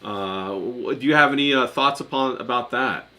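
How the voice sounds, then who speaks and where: A man's voice: medium pitch, normal speed, sharp tone. A man hosting a casual interview, asking long, meandering questions full of fillers and laughing easily. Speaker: host.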